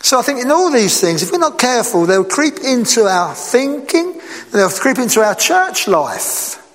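A man preaching a sermon in a lively, conversational way, asking his listeners rhetorical questions. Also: very high voice, moderate pace, big-room sound.

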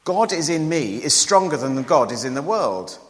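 A man gives a sermon in a conversational, joking tone. His pitch jumps up and down with animation. The voice rings with the long reverb of a large hall. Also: sing-song, normal speed. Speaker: preacher.

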